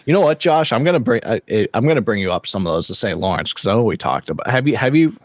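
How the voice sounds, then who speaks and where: A man co-hosting a podcast, telling stories in a loose, profane, animated way. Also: fairly low pitch, quick pace, no echo. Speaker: podcast co-host. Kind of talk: casual chat.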